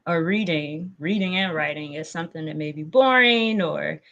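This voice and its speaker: A woman co-hosting a chat, speaking in a warm, reflective way. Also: sits low, moderate pace, dull audio. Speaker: co-host. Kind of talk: casual conversation.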